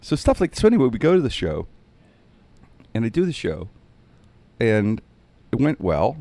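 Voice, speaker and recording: A man's voice: medium pitch, normal speed, no room sound. A man telling a funny road-trip story in casual chat, acting out the other people's voices. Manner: animated, acts out quoted voices.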